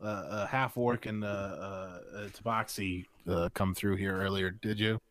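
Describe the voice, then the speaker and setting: A man playing a tabletop role-playing game, describing his character's actions in a hesitant way with many pauses. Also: low-pitched, steady tone, fairly bright tone.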